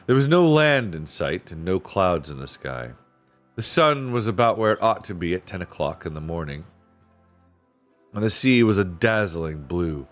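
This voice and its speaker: A man reading a children's novel aloud in a relaxed, unhurried way, clearing his throat now and then. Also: on the low side. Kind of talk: casual read-aloud storytelling.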